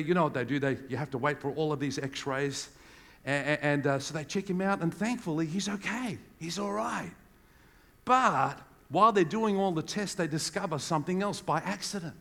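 A man preaching a lively sermon, slipping into the voices of the people in his stories. His voice sits a little high and rings bright and forceful. The sound carries a long hall reverb. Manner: animated storytelling, acting out voices of people in the stories.

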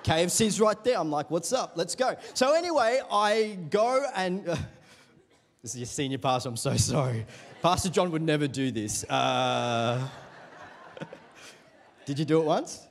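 Young male pastor, lively sermon storyteller, fairly high voice, big swings in pitch. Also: measured pace, creaky, long pauses. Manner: animated storytelling with congregation call-and-response. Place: church.

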